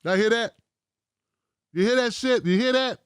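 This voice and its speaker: A man hosting a political commentary vlog, talking in a profane, mocking and animated way. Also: very high-pitched, normal speed, clean tone, no room sound, clean studio sound.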